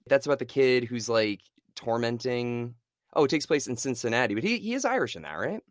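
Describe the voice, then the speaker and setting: Animated young man on a podcast. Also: mid-range voice, fairly quick, dry recording, studio quality. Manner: enthusiastic, laughs often. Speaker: podcast co-host. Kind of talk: casual podcast chat.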